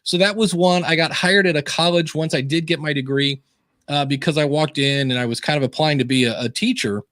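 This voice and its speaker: A man's voice: on the high side, brisk, dry recording, clean studio sound. A middle-aged man from Ohio, a guest on a video-call interview, telling stories casually and acting out the voices of the people in them. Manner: animated storyteller acting out quoted voices. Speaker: podcasting guest.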